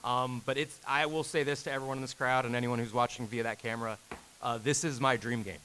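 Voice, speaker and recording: A man in his thirties tells a long personal story to a live panel audience, and his voice stays bright and forward throughout. He acts out each quoted line with sudden leaps in pitch and laughs as he talks. A faint hiss sits under the recording. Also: fairly even intonation, quick pace, low-quality recording. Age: 30s. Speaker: game director on a convention panel. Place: convention panel room.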